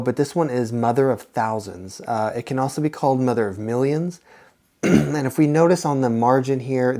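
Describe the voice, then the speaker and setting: A man's voice: mid-range voice, a little mellow. A young man hosting a casual plant-care vlog, talking in a rambling, friendly way with lots of fillers and restarts. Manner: chatty, rambling, lots of fillers and self-corrections. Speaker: plant channel host.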